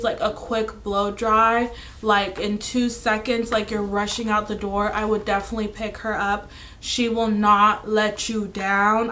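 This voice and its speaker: Hoarse raspy young woman, higher-pitched, flat even delivery, chatty product review. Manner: chatty, full of "like" fillers. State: hoarse from illness. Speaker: beauty vlogger.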